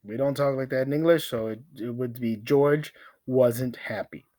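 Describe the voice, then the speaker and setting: A man teaching a language lesson through a simple story, repeating phrases, counting out pauses and breaking into dramatic exclamations. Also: medium pitch, warm tone. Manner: slow, repetitive drilling with counted pauses; dramatic exclamations between asides. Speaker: Spanish teacher.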